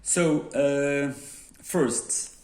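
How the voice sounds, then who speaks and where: A man's voice: on the high side, steady tone, darkish tone. A man with a Moroccan accent, an English teacher correcting an exam and dictating answers word by word. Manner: slow, deliberate dictation, reading sentences word by word.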